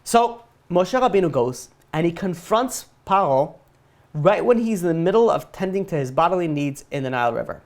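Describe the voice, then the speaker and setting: A man's voice: a little high, expressive, moderate pace, a little mellow. A man teaching a casual Torah lesson as a rabbi, retelling the story with jokes and side tangents. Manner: joking, digressive storytelling.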